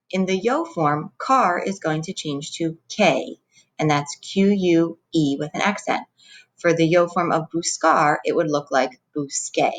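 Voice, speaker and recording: Woman Spanish teacher, low voice, patient and clear video-lesson delivery. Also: fairly bright tone, rough recording. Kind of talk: recorded classroom lesson.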